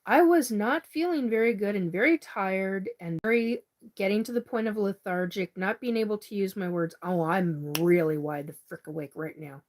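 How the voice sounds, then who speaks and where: A woman's voice: medium pitch, normal speed, a little mellow. A woman hosting a live stream, chatting casually and reading out viewer comments, cursing freely when riled. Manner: chatty, swears when angry.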